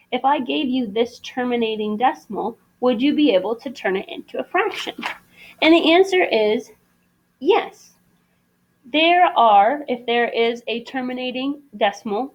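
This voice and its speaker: A woman's voice: fairly high pitch, highs cut off. A woman teaching a math lesson, explaining patiently step by step. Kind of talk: recorded classroom lesson.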